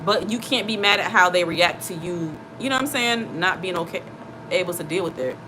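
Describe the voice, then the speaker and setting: Earnest woman talking low over faint rumble. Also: a little fast. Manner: earnest, repetitive, conversational with many fillers. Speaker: channel host. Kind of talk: casual livestream chat.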